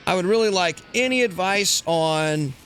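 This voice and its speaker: A man's voice: sits high, animated, normal speed, clear, resonant tone. Rambling, crude male gaming host. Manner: rambling, crude, jokey, talks to himself. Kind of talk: casual let's play commentary. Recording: loud game sounds behind.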